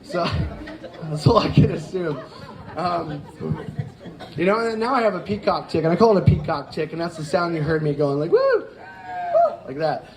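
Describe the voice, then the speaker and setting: A man's voice: fairly high pitch, normal speed, a crowd in the background. A man doing a stand-up set on a club stage, rambling with lots of fillers and laughing at his own jokes. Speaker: stand-up comedian. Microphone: handheld stage mic. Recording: live club audience audible. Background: audience laughter.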